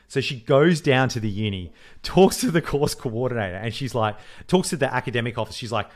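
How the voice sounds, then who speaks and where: A man, co-hosting a podcast and telling a story in casual chat, animated, swearing freely and acting out the voices he quotes. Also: medium pitch, brisk. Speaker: podcast co-host.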